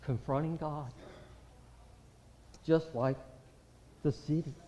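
A man preaching an impassioned, pleading sermon, with a high voice and slow, deliberate delivery. He swings between loud outcries and hushed, low passages. The sound is dull and lo-fi, with long reverb from a church hall. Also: fairly even intonation, a little hiss or hum.

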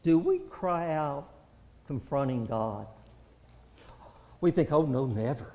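A high-voiced man delivers an impassioned, pleading sermon at a slow, deliberate pace with lively intonation, swinging from loud outcries to hushed, low passages. The lo-fi, dull recording carries the long reverb of a church hall.

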